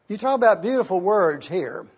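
A man preaching an expository sermon as pastor, speaking slowly and deliberately and spelling out Greek words letter by letter. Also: sits high, sing-song, a little mellow, breathy edge, muffled recording.

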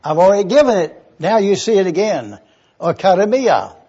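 A man's voice: high voice, big pitch swings, normal speed, dark tone, breathy edge, highs cut off. A man preaching a sermon, eagerly teaching word meanings and spelling terms out letter by letter. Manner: enthusiastic teaching.

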